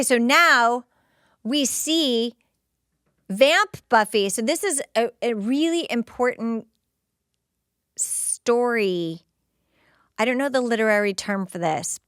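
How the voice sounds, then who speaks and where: A woman podcast host giving excited, casual play-by-play commentary while rewatching a TV episode. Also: fairly high pitch, smooth, no room sound, studio quality. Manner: excited, gushing, narrating scenes as they happen.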